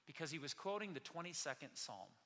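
A man preaching a sermon as pastor, with dramatic delivery that builds to shouted scripture quotes. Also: on the high side, sing-song, brisk. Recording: long reverb of a large hall.

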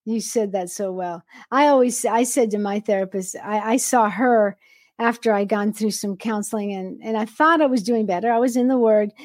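A woman hosting an interview, talking animatedly and bluntly, with quick jumps in pitch. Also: a little mellow, no room sound, studio quality. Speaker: podcast host. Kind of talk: casual interview chat.

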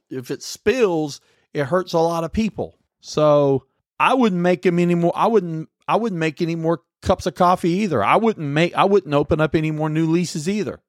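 Sarcastic rambling man, fairly high voice. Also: dry recording, clean studio sound. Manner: rambling, self-correcting, sarcastic. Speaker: podcast host. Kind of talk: casual political monologue.

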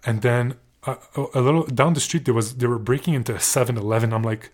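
A man's voice: medium pitch, fast talker. A young man from Canada telling a rambling, sarcastic story on his podcast, swearing often and restarting his sentences. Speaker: podcast host. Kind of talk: casual storytelling monologue.

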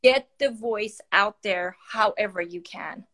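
With a mid-range, a bit bright voice, a little slow, an Iranian woman physician speaks as a guest on an emotional live-stream chat. A palliative care doctor and podcaster, she's tearful and holding back crying, earnest and passionate, with many fillers and restarts.

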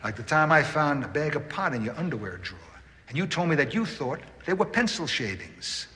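A man's voice: a little high, very animated, a little fast, sharp tone, a little hiss or hum. A sarcastic father grilling his son. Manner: pointed, sarcastic questioning. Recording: film clip played in a reverberant hall.

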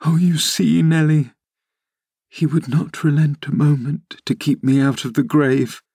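A man's voice: medium pitch, fairly even intonation, a little slow, gravelly, a little mellow, slightly rough, dry recording, studio quality. A man voicing a dying young woman, bitter and yearning, pleading with feverish passion.

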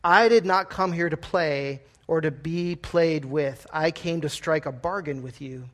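A man's voice: a little high, measured pace, fairly bright tone. A man voicing a young male wizard who speaks firmly and steadily to a dragon, read aloud from a storybook during a sermon.

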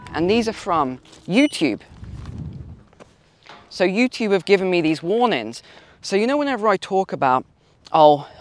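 A man telling stories in a chatty, animated way while vlogging outdoors on a windy walk. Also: on the high side, dry recording. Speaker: finance vlogger. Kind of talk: casual walk-and-talk vlog.

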